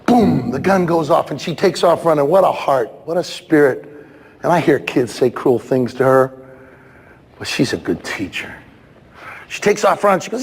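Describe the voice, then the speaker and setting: A man giving an animated, playful talk at a school assembly, shouting for emphasis and slipping into comic impressions. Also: high voice, brisk. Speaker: motivational speaker at a school assembly. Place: large school gym with students. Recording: reverberant hall with crowd murmur.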